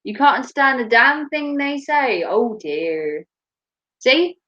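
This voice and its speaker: A woman's voice: high-pitched, lively intonation, slow pace, fairly bright tone. Blunt, joking Norfolk woman on muffled audio. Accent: Norfolk English. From Norfolk, England. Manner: chatty, blunt and joking, laughs often. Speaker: host. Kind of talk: casual chat. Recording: muffled lo-fi recording.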